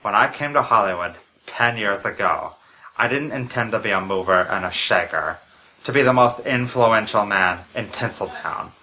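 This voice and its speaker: A man's voice: lowish voice, bright, forceful tone, a little hiss or hum, pitched below the performer's own voice, poor audio. A man doing a grave masked mastermind. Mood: solemn. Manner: slow, solemn, dramatic. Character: masked secretive powerful man, grave and theatrical. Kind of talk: comedy audio drama.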